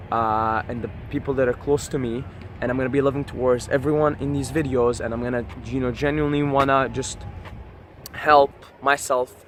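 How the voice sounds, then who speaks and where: A man's voice: mid-range voice, a bit bright. Man vlogger, passionate swearing pep talk, casual, faint street traffic behind. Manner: passionate, profane, repeats "right?". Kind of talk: casual motivational monologue to camera.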